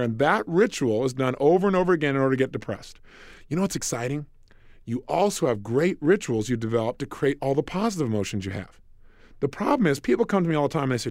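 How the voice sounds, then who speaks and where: A man delivers a motivational lesson with bold, emphatic energy, acting out little exchanges as he goes. His fairly high voice swoops widely and carries a gravelly rasp, captured close and dry. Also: dry recording. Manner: animated and emphatic, acting out dialogues. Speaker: self-help speaker. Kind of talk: recorded motivational program.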